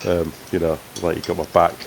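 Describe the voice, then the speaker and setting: A man's voice: sits low, monotone, a little fast, creaky, noisy background. A man playing in a tabletop game, chatting casually and joking. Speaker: player. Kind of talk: casual chat.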